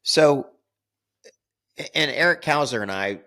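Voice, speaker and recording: A man's voice: medium pitch, expressive, slow, pushed and bright. An older man telling a rambling story as a podcast co-host, repeating words and laughing at his own tale. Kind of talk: casual storytelling.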